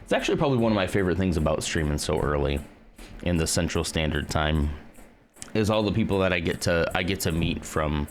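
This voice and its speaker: A man's voice: sits low, animated, brisk, a little hiss or hum. A man from the United States hosting a live stream, chatting casually and greeting viewers by name. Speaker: livestream host.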